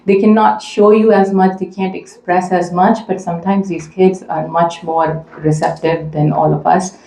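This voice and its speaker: Woman, mother, personal story, earnest, conversational, dark mellow tone, echoey hall. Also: fairly low pitch, little pitch movement, moderate pace, creaky. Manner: earnest, conversational, many fillers. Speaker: mother speaking at a community event. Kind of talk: personal story told to an audience. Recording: echoey room.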